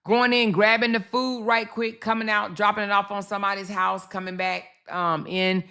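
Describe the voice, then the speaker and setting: A woman's voice: medium pitch, moderate pace, clear, resonant tone. A woman hosting a casual livestream, talking animatedly straight to her chat and laughing often as she comments. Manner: chatty, animated, talks to her chat directly.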